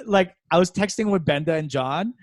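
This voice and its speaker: A man's voice: on the high side, normal speed, background noise. A young man co-hosting a comedy podcast, telling a story in casual chat, laughing often and acting out quotes in exaggerated voices.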